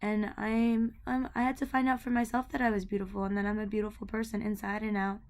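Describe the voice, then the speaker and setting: A woman's voice: medium pitch, level tone, fast talker, a little mellow. A young woman ranting to the camera about her family, heated and rambling, with many fillers and repeated words. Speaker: vlogger. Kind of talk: emotional personal rant to camera.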